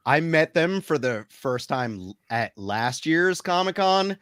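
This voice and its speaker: A man's voice: on the high side, animated, slow pace, fairly bright tone, clean tone. A man who is a guest on a podcast, telling stories with dry, self-deprecating jokes. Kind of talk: casual chat.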